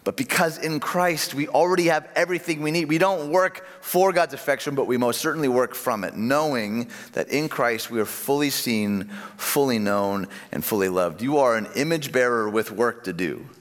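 A man preaching a sermon, animated, dropping low and soft on key phrases. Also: moderate pace, hardly any pauses. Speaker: pastor. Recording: long reverb of a large hall.

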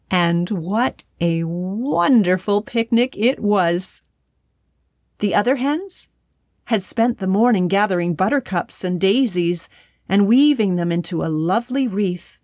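A woman narrating a children's storybook in a gentle, unhurried way. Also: mid-range voice, expressive, no echo, clean studio sound.

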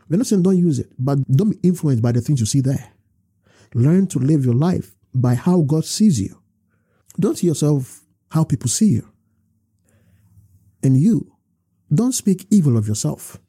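A man preaching a sermon, emphatic, reading scripture slowly and urging his listeners. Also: fairly high pitch, warm tone, husky. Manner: emphatic, repeats scripture slowly and exhorts the congregation.

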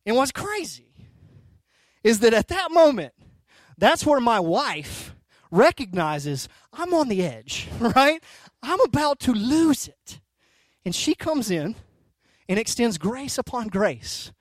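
A man in his thirties preaching a sermon as a pastor, telling stories in an animated way that swings from soft to loud, and often checking in with "right?" and "okay?". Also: extremely high pitch, slow, pauses often, dry recording.

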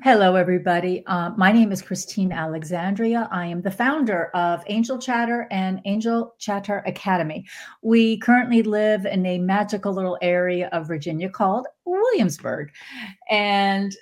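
Woman, podcast guest, spiritual teacher, animated motivational delivery, medium pitch. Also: moderate pace. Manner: animated, with sudden pitch jumps into quoted voices. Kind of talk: motivational talk.

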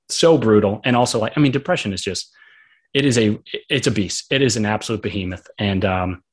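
Earnest, husky-voiced young man rambling. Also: fairly low pitch. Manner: rambling, earnest, heavy use of fillers. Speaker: author and guest. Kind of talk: candid personal storytelling.

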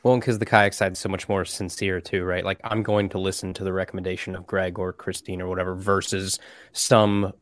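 Low-voiced man, dry and opinionated. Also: level tone, fairly quick, dry recording. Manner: opinionated, mocking impressions. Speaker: podcast co-host. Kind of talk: casual chat.

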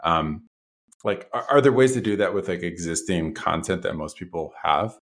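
A male host with a low voice works his way through long, searching questions. He circles and rephrases as he goes, keeping the tone casual. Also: moderate pace. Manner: rambling, searching questions with many hedges. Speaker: podcast host. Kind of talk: casual podcast interview.

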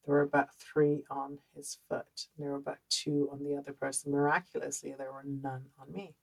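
A woman with a Dutch accent speaks in a low, gravelly register with a husky edge. She tells her story in an animated, chatty way, loose and full of fillers, as a podcast host talking straight to her listeners. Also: moderate pace, low-quality recording. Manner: animated, conversational, many fillers. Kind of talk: personal storytelling monologue.

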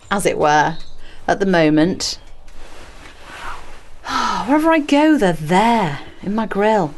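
A woman's voice: medium pitch, expressive, a little slow, a little mellow, a little hiss or hum. A woman hosting a gardening podcast from her greenhouse, chatty and self-mocking with playful asides. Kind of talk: casual gardening podcast chat. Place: garden and small greenhouse, outdoors.

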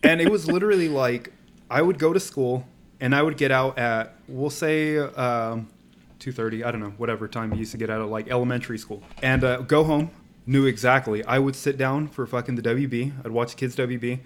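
A man's voice: medium pitch, moderate pace, a little hiss or hum. A young man chatting casually as a podcast co-host, telling stories with plenty of swearing and acting out other people's lines. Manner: animated storytelling, swearing, acts out quotes. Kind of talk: casual chat.

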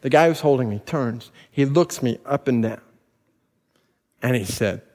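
A pastor telling personal stories in a sermon, building to emphatic preaching before a congregation. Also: male voice, medium pitch, measured pace, a little mellow. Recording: long reverb of a large hall.

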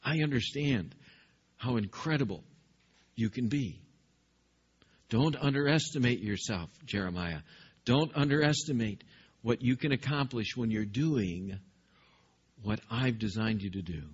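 A man voicing a stern, fatherly divine figure in a slow, emphatic parental tone. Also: medium pitch, breathy edge, lo-fi sound. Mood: reassuring.

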